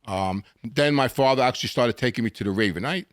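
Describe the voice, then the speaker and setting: An older man spins his stories in a lively, animated way, jumping in pitch when he acts out what people said. His voice is close and dry, with no room sound around it. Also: fairly quick, dry recording. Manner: animated storyteller acting out quotes, frequent restarts. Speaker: guest. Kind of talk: storytelling interview.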